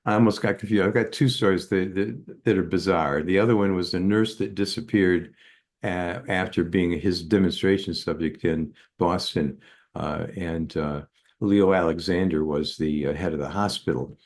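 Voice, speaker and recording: A man's voice: deep voice, fairly even intonation, moderate pace. An older man, a psychotherapist, telling stories in an interview with many fillers and restarts. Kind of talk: anecdotal storytelling in an interview.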